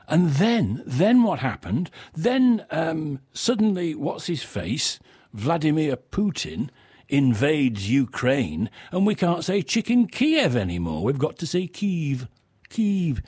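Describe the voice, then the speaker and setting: A man's voice: mid-range voice, darkish tone, slightly rough, no echo. An English man presenting on the radio, grumbling in a chatty, mock-indignant monologue. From England.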